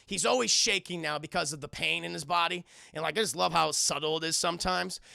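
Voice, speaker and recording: A young man reviewing a film with his live chat, casual and profane, acting out lines loudly. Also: on the high side, a little fast, gravelly, no echo, clean studio sound. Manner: profane, animated, acts out quotes loudly.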